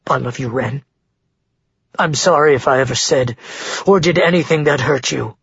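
A man's voice: mid-range voice, moderate pace, creaky, fairly bright tone, husky, dry recording, highs cut off, exaggerated voice. A man reading the part of a weary, remorseful father who speaks sternly but tenderly to his grown son. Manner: sincere, apologetic.

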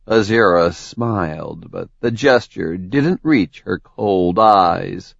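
Slow, low-voiced male narrator. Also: animated, gravelly, no echo, lo-fi sound. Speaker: audiobook narrator. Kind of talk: scripted fantasy narration.

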